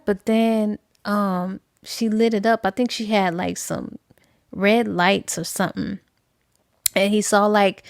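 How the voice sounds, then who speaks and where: A woman's voice: medium pitch, creaky, dry recording. Woman gossiping through a book plot, lots of ums, dry close mic. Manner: chatty retelling with fillers, acting out quotes. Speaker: book reviewer. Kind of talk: casual book recap.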